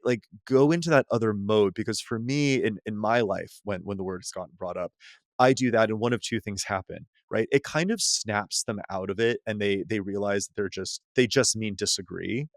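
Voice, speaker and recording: A man, a psychotherapist, talking loosely in a podcast conversation, full of "like" and restarts and quick to laugh. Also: lowish voice, no room sound, studio quality. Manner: loose and rambling, heavy use of "like" and restarts, laughs easily. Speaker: psychotherapist guest.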